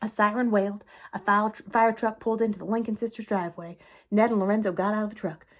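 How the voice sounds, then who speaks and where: A woman telling a children's story aloud in a clear, expressive way. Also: mid-range voice, fast. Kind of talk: children's book read-aloud.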